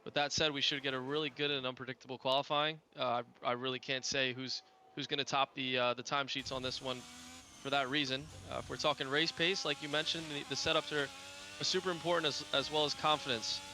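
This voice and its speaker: A man's voice: mid-range voice, level tone, fast talker, bright, forceful tone, slight background noise. A man who is also a driver, giving live commentary on a racing game and stumbling over his words as he restarts phrases. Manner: hesitant, many restarts and fillers.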